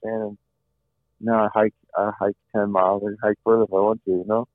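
Middle aged guy telling his story real earnest, kinda low voice, dry tinny phone sound. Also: flat delivery, normal speed, dry recording. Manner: earnest, repeats phrases, often says "you know". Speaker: guest.

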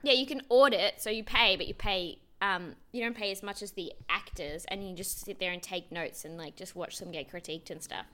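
A woman's voice: medium pitch, fairly quick, hardly any pauses. A young Australian woman co-hosting a podcast over a video call, telling rambling stories and acting out the people in them. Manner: animated, rambling storyteller who acts out quotes. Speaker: podcast co-host. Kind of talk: casual chat.

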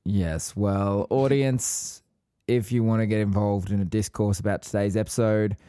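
A man's voice: on the low side, fairly even intonation, moderate pace, mellow, clear, resonant tone, no room sound, studio quality. A man co-hosting a casual podcast, teasing and playful in banter. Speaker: podcast co-host.

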